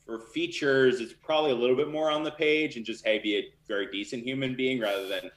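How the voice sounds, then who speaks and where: A man's voice: mid-range voice, a little fast, reverberant. A man talking casually and candidly as a guest in an interview, with lots of fillers. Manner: loose and candid, many fillers. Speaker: literary manager.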